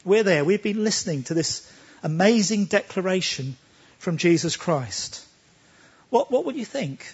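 A man's voice: high-pitched, expressive, measured pace, darkish tone, husky, highs cut off. A man preaching a sermon, talking emphatically and pressing his listeners with rhetorical questions.

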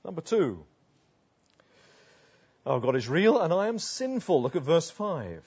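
A man preaches a sermon in an earnest way, climbing to emphatic declamation and then sinking to hushed asides. His voice is a touch husky and sits a little high. The recording sounds somewhat dull and lo-fi. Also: big pitch swings, unhurried, pauses often.

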